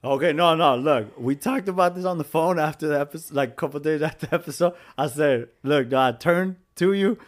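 A man's voice: fairly high pitch, a little fast, few pauses. A young man co-hosting a podcast, chatting casually with slang and frequent laughter, teasing his friends. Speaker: podcast co-host. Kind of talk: casual chat.

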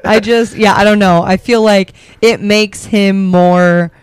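A woman's voice: medium pitch, fairly even intonation, measured pace, clean tone. A woman in a casual movie podcast, trailing off and hunting for the right words as she gives her take. Her voice is close and dry, with no room echo. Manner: hesitant, searching for words. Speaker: podcast co-host. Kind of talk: casual movie review chat.

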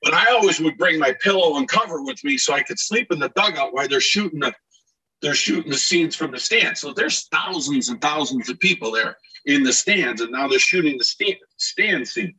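A man, a former ballplayer, telling animated stories in a casual interview, acting out shouted quotes as he goes. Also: a little high, moderate pace, slightly rough, recorded from a distance, poor audio. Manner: animated, acts out shouted quotes, many restarts.

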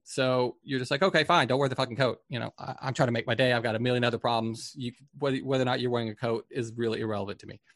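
A man's voice: mid-range voice, fairly even intonation, very fast, creaky, hardly any pauses, no room sound, studio quality. A man, a film director, telling candid stories from set in a casual interview and swearing freely. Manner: candid, swears casually, acts out quoted people. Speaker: film director as podcast guest.

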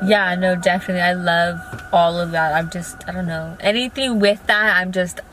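A woman's voice: fairly low pitch, steady tone, moderate pace. Laid-back young woman host, casual car chat, faint hiss behind. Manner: laid-back, soft-spoken, giggly. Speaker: podcast host. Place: inside a parked car. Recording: faint background noise in a car.

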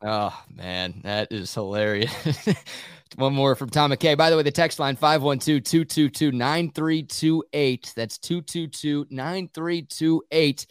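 A man hosting a sports radio show, talking college football in a quick, conversational way and laughing easily. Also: a little high, steady tone, clean tone, no echo, studio quality. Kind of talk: casual sports talk and analysis.

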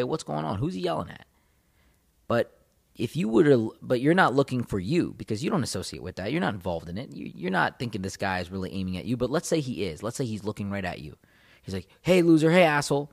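Fast-talking male relationship coach. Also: medium pitch, very animated, creaky, slightly rough. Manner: emphatic, addresses viewers directly, repeats key phrases. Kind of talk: motivational advice talk to camera.

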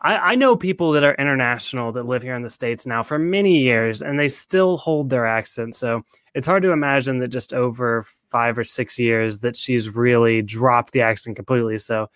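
A man's voice: mid-range voice, moderate pace, few pauses, a bit bright, no room sound. Male podcast co-host, easygoing and conversational, recorded dry and close. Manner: conversational, asks his co-host questions. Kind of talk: casual recap chat.

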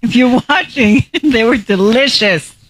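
A woman's voice: a little high, a little slow, slight background noise. Giggly woman co-host telling a story. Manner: giggly storytelling, frequent laughter. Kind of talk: casual podcast banter.

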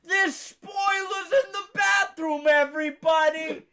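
A man putting on a shrill, outraged moviegoer. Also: takes it slowly, vocal fry, heavily acted. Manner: shrill, yelling complaints. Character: frantic adult man outraged at movie spoilers. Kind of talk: podcast storytelling.

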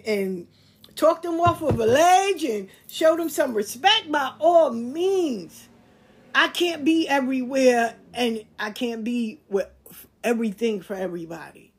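Blunt, husky-voiced middle-aged woman. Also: on the high side. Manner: blunt, emphatic, swears freely; preachy, lecturing tone. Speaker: podcast host. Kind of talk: candid monologue to listeners.

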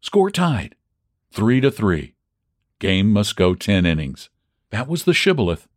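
Man reading a story with lively expression. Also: fairly low pitch, unhurried, dry recording, studio quality. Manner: expressive reading, shouting out the fans' cries. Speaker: audiobook narrator. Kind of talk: scripted narration of a classic baseball story.

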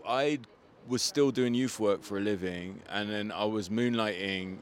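A man guest, a comedian and rapper, chatting in a casual interview outdoors and telling his story in a relaxed way, with plenty of "like" fillers. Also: lowish voice, unhurried. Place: outdoors on a street.

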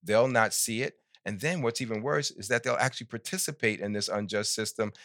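A man being interviewed about his book on a podcast, explaining his views in a measured, emphatic way. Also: lowish voice, a bit bright, no room sound, studio quality. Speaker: guest author.

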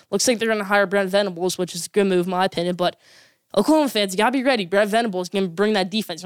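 A woman's voice: mid-range voice, clear, resonant tone, no echo, studio quality. A woman giving opinionated college football commentary as a sports vlogger, emphatic and repeating her points for effect.

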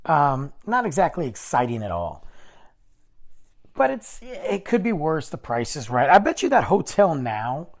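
A man's voice: a little high, a little slow. A man casually telling a rambling story on his vlog, correcting himself as he goes and acting out what people said. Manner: animated, rambling, self-correcting, acts out quoted dialogue.

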